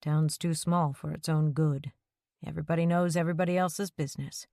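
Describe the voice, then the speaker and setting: Woman voicing quiet widowed man, calm, terse, plain-spoken, low voice, dry sound. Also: fairly quick, gravelly, no room sound. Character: quiet, steady widowed man, stubborn when pushed.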